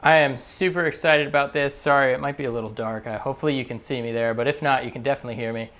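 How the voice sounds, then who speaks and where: Man co-host, easygoing livestream banter, mid-pitched voice, jokes about himself. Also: rapid-fire. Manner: relaxed, joking. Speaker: co-host and husband. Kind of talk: casual livestream chat.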